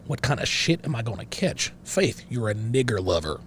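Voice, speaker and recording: A man voicing a bigoted, stern middle-aged backwoods father with a slow, drawling rural Southern accent and a lecturing manner. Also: medium pitch, very animated, slight background noise, close to an everyday voice. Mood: stern, interrogating. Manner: lecturing, interrogating, self-righteous. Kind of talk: improvised character voice on a livestream.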